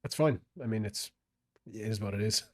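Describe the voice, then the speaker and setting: A man with a somewhat low voice hosts a podcast in casual conversation. He talks in a relaxed, thoughtful way and often lets his sentences trail off. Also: normal speed. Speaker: podcast host.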